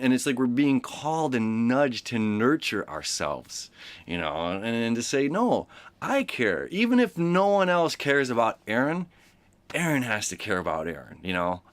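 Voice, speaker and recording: A man's voice: medium pitch, dry recording. Casual male astrology host, chatty and rambling, mid-range voice, dry close sound. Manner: rambling, with many fillers and asides; acts out quoted voices. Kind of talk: casual daily horoscope talk.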